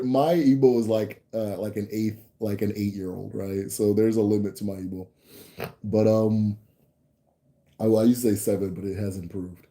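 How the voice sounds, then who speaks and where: Dark-voiced laid-back American man. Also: lowish voice, fairly even intonation, moderate pace. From United States. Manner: rambling, frequent restarts and laughter. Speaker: channel host answering viewer comments. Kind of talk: casual livestream chat.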